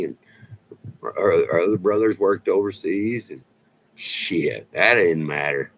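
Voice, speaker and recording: Drawling man, low voice, swearing freely. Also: animated, creaky, fairly bright tone, a little hiss or hum, rough recording. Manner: loose and profane, drawn-out storytelling with lots of "man". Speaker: vlogger. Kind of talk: casual rambling chat.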